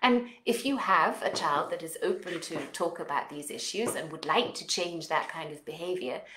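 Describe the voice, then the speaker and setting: A woman with a non-native English accent talking as a parenting coach, guiding listeners through exercises and affirmations in an expressive, coaching manner. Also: lowish voice, moderate pace, roomy sound, slight background noise. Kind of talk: guided self-help talk with exercises.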